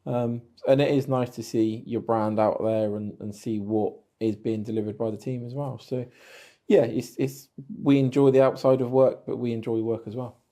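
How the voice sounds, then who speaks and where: A man's voice: medium pitch, fairly even intonation, normal speed, warm tone. A man, a guest from the company, talking earnestly in a casual podcast chat, often repeating words as he thinks.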